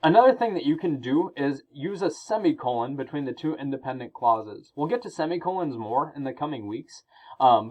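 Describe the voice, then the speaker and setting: A male teacher explaining grammar rules in a recorded lesson, reading example sentences aloud and pausing between items. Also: medium pitch, darkish tone, low-quality recording.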